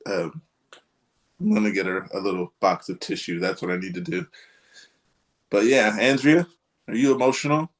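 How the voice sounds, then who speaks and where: A man's voice: on the low side, lively intonation, moderate pace, long pauses. A man hosting a casual live podcast chat, rambling and hesitant, with many ums and restarts. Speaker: podcast host.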